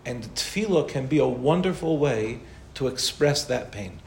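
With a medium, creaky voice and animated delivery, a man teaching Torah informally responds to questions at a moderate pace. He talks conversationally and works in Hebrew and Yiddish terms, while the recording carries a roomy echo and light noise.

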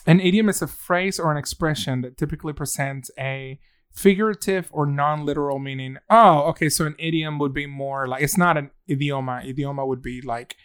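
A man's voice: on the high side, a little fast, a bit bright, clear, resonant tone, dry recording, studio quality. A man co-hosting a casual chat, playful and joking, who drops easily into Spanish phrases. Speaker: podcast co-host.

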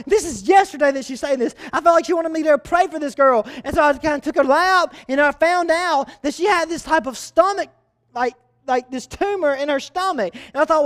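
Animated preacher, high voice. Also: male voice, fairly quick. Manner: animated storytelling preacher, repeats key phrases. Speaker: youth pastor. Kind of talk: sermon.

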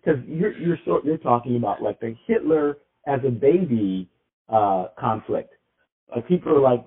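A man's voice: medium pitch, lively intonation, moderate pace. A man co-hosting a podcast, talking in a loose, rambling way with many restarts. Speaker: podcast co-host. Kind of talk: casual podcast chat. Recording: tinny phone-like sound.

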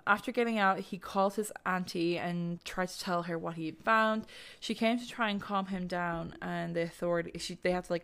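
A woman's voice: fairly low pitch, gravelly, fairly bright tone. A young woman hosting a podcast, telling true-crime stories in a chatty, rambling way, swearing and using lots of fillers. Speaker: podcast host. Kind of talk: casual true-crime storytelling.

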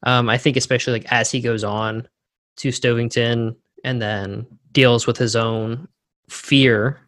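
A man's voice: mid-range voice, little pitch movement, measured pace, a bit bright, no echo, clean studio sound. A man co-hosting a book podcast, talking casually and thoughtfully. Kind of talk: casual chat.

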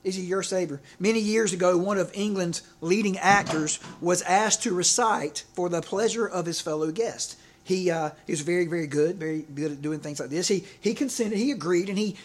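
A man preaches a sermon loosely and conversationally, his voice pitched a little higher than most men's. The pastor repeats words as he goes and keeps checking in with the congregation for an amen.

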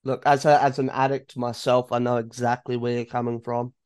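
A man's voice: mid-range voice, flat delivery, brisk, a little mellow, clean tone, no echo, studio quality. Earnest man hosting a casual podcast. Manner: open and earnest, with casual swearing. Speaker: podcast host. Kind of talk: casual conversational chat.

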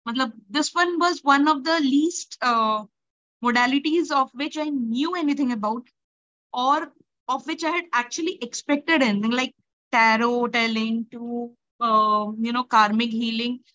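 A woman with an Indian accent speaks in a slightly high voice, hesitant and scattered with Hindi fillers. Her video-call audio is dull and very dry, with no room sound at all. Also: a little slow, bright, forceful tone, no room sound. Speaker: summit participant. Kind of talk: casual chat.

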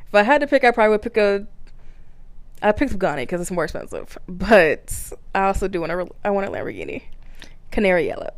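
Hosting her own solo podcast, a woman with a medium-pitched voice rants casually, swearing a lot and laughing often. Her delivery is animated, and the recording has no echo.

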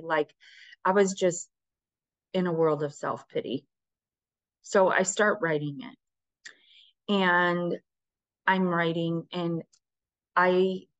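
A woman's voice: on the low side, no room sound, highs cut off. Candid woman telling a personal story. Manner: candid, conversational, acts out her own quoted thoughts. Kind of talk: casual storytelling.

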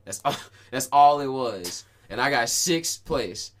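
A man in his twenties hosting a podcast, telling stories in casual, slangy talk full of swearing and quick restarts. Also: medium pitch, lively intonation, a bit bright. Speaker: podcast host. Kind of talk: casual chat.

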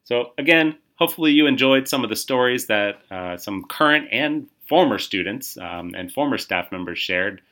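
Bright-voiced male podcast host telling stories. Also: moderate pace, hardly any pauses. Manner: retells a story, acting out quoted voices with lively pitch jumps; frequent fillers and repeated starts. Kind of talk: casual storytelling.

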